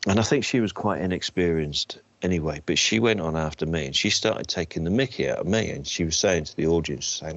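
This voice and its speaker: Male comic, very low voice, dull lo-fi recording, wry self-deprecating anecdotes. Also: animated, fairly quick, few pauses, no room sound. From England. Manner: self-deprecating, frequent restarts. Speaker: comedian guest. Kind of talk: anecdotal interview storytelling. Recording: dull slightly lo-fi sound.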